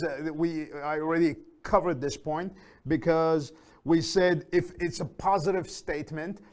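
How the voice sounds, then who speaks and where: A male English teacher walks learners through grammar in a slow, deliberate way. His voice sits a little on the high side, and he repeats each example sentence so it sinks in. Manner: repeats example sentences slowly for learners, with fillers and self-corrections. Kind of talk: slow, deliberate lesson explanation.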